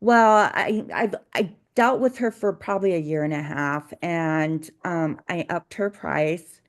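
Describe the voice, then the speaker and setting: A woman's voice: fairly low pitch, unhurried. A woman who runs a cleaning business, co-hosting a casual podcast and telling stories from work in a chatty way, with many restarts. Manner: chatty storytelling with frequent restarts and laughs. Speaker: cleaning business owner, co-host.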